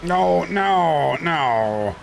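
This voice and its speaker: A man streaming a game speedrun, commenting live, swearing and exasperated, often yelling at enemies. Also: a little high, expressive, extremely slow, vocal fry, slight background noise.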